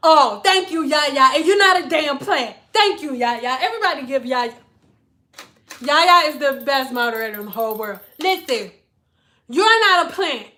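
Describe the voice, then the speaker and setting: Her voice is high, bright and sharp as this hairstylist spins stories on a casual livestream at normal speed. She's animated, blunt and profane throughout.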